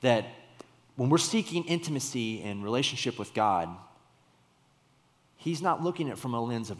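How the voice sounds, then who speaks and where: A man's voice: medium pitch, lively intonation, normal speed, pauses often. A young man gives a sermon in a casual, storytelling way, his voice sitting in the middle of the male range. He breaks into sudden emphatic bursts now and then. Long reverb from a church hall trails behind every word. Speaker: pastor.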